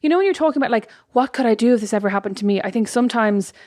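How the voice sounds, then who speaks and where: A woman's voice: fairly high pitch, expressive, very fast, darkish tone, dry recording, clean studio sound. A pregnant woman with an Irish accent co-hosting a podcast in casual chat, joking and laughing often. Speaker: podcast co-host.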